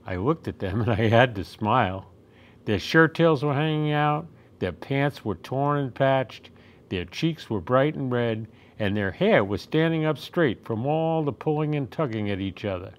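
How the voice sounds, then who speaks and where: A man reading a children's picture book aloud at storytime, with gentle, expressive storytelling. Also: medium pitch, measured pace. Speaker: storytime reader.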